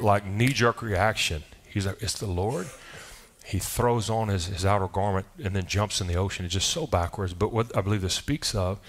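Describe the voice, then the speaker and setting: A man with a fairly low voice delivers a church sermon. He speaks emphatically and conversationally and often breaks off to restart a phrase. He throws rhetorical questions to his listeners. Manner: loose delivery with frequent restarts. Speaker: pastor. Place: church service.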